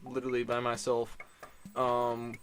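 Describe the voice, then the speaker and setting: Young man from Illinois, casual vlog Q&A, rambling and profane, mid pitch, music underneath. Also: monotone, measured pace, a bit bright. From Illinois, USA. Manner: rambling, profane, self-deprecating, lots of fillers. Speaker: YouTuber answering viewer questions. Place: dark room, alone.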